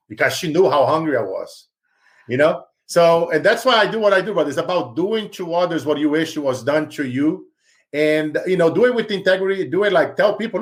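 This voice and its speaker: A man's voice: fairly high pitch, lively intonation, brisk. A man from Brazil with a Brazilian Portuguese accent, a success speaker guest telling fervent stories in an interview. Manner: fervent, storytelling, calls host bro. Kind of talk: animated interview talk.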